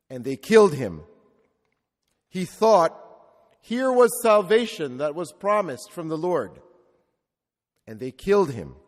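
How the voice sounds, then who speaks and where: A male Catholic priest preaching a sermon with reflective storytelling and rhetorical repetition. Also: a little high. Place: church. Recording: long reverb of a large church.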